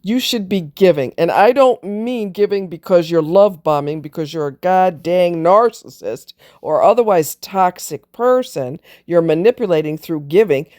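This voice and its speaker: A woman speaks bluntly and emphatically, preaching her views with casual swearing. Her voice is low and mellow, close to a single mic. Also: expressive, normal speed, hardly any pauses. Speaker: relationship commentator. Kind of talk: opinionated monologue.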